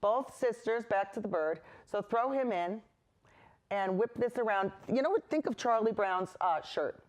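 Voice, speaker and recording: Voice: mid-range voice, animated, normal speed. A painting instructor hosting a chatty on-camera lesson indoors, reassuring viewers and drifting into rambling personal asides between steps.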